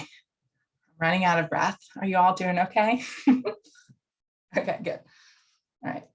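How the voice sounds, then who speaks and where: A woman counselor educator giving an online lecture in a casual, conversational way, with fillers and asides. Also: on the low side.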